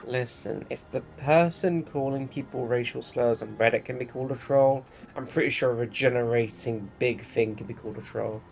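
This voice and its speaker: Gravelly, wisecracking man player. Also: mid-range voice, normal speed, few pauses, a little mellow, soft background music. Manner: wisecracking, sarcastic. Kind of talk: tabletop game banter.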